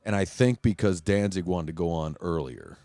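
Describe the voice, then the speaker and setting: A man with a fairly low voice hosts a loose, profane chat, spinning a heated story and acting out every line of dialogue. The sound is close and dry, with no room around it. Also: expressive, normal speed, warm tone, dry recording. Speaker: podcast host.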